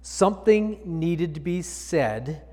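Pastor with a slightly high voice preaching in a reverberant hall. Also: male voice, expressive, takes it slowly, dark tone. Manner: reads scripture aloud, then explains with emphatic repetition. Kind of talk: sermon.

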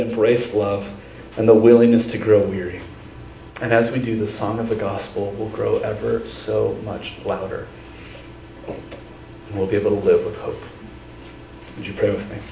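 A man's voice: on the low side, vocal fry, mellow, echoey room, distant mic, a little hiss or hum, low-quality recording. A man preaching a sermon as pastor, telling a story with earnest conviction and then leading a prayer.

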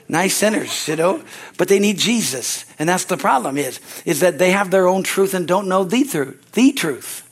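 Male pastor, high voice, fiery sermon, repeats lines, calls for amens. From United States. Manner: excitable preaching, rising to loud exclamations.

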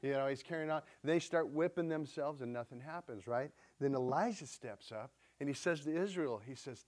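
A male preacher gives a loose, chatty sermon. He talks to his congregation like friends, tosses questions out to them and retells scripture in plain everyday words. His voice sits at a middling pitch. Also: normal speed, a little mellow. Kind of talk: conversational sermon.

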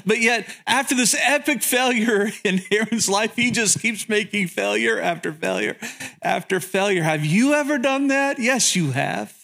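A man's voice: high voice, normal speed, creaky, sharp tone. A man pastor preaching a sermon, telling humorous stories, questioning the audience, and often repeating words as he goes. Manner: frequent word repetitions.

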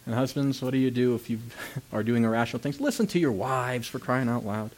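A man's voice: medium pitch, a little fast. A pastor preaching a sermon in a conversational way, asking rhetorical questions, laughing lightly at times, and raising his voice on emphatic points. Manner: voice rises and gets loud on emphatic points.

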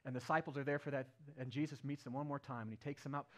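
A man preaching an Easter sermon as a playful, animated retelling with acted-out quotes. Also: medium pitch, racing. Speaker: pastor. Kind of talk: storytelling sermon.

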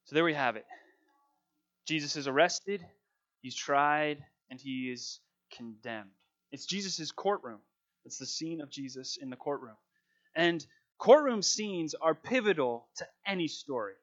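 A man's voice: a little high, animated, unhurried, a bit bright, dull audio. A man preaching, reading scripture dramatically and then talking it through in a casual, conversational way.

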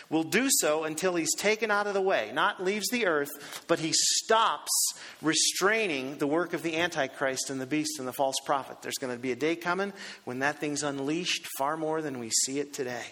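Male pastor, high voice, emphatic sermon delivery full of rhetorical questions, heard in a big echoing hall. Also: a bit bright.

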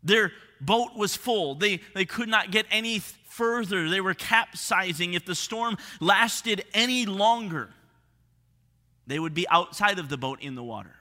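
A man preaching with a high, very bright voice that rings out in a hall with a long reverb tail. He moves from lively, emphatic lines down to hushed, low passages as he presses his point. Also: a little slow. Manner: expressive preaching, drops to hushed tones for emphasis. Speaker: pastor. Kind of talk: sermon.

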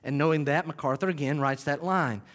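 A man preaching a sermon, animated, swinging between quiet asides and loud climaxes. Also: fairly high pitch, a little fast, long reverb tail. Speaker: pastor.

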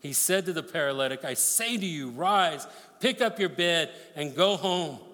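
High-voiced preacher in a reverberant hall. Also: male voice, expressive, normal speed, pushed and bright. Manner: reads scripture aloud then explains it, emphatic. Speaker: pastor. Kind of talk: sermon.

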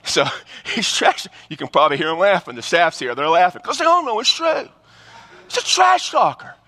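Man, pastor, lively high voice, bright, sermon storytelling, long hall reverb. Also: normal speed. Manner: animated storytelling with humor and repeated restarts.

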